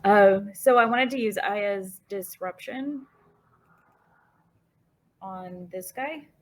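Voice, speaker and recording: A woman takes her turn in an online tabletop game over a headset. She talks slowly and haltingly, pausing often with ums. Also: medium pitch. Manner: hesitant, halting, many ums. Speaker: player. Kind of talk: casual game chat. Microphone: headset on a voice call.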